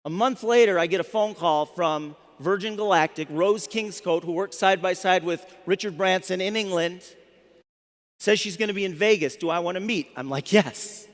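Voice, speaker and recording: A man in his fifties with a high voice, telling a story to a live audience as a motivational speaker. He talks in an animated way and often restarts his words. His voice rings with a long reverb from a large hall. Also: moderate pace.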